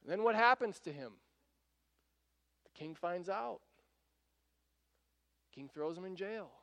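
A male pastor preaches in a relaxed, conversational way, with a high and smooth, resonant voice. His words carry through a large church sanctuary with a long reverb tail. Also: unhurried, muffled recording. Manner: conversational preaching, acting out quotes. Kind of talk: sermon.

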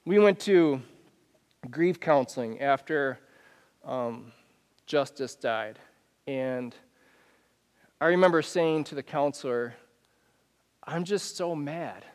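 A man preaching a sermon as pastor, talking in a conversational, animated way with many questions to the listeners. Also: fairly high pitch, smooth. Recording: long reverb of a church hall.

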